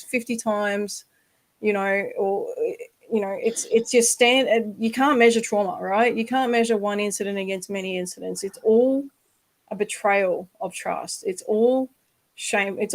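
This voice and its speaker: A woman's voice: mid-range voice, low-quality recording. Earnest Australian woman podcast host. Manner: earnest, swears for emphasis, reassuring. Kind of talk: casual interview chat.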